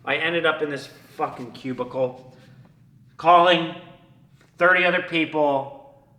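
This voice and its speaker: A man with a flu telling a personal story in a casual way. He swears a lot, laughs between lines and swings from loud to hushed. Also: fairly high pitch, measured pace. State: sick with a flu. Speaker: online business coach telling his story. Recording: echoey room.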